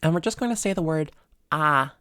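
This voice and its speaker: A woman voice coach giving an instructional lesson in a calm, measured way, with frequent "sort of" and "um" fillers as she explains exercises. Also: deep voice, dry recording, studio quality. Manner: demonstrates sounds with their own voice.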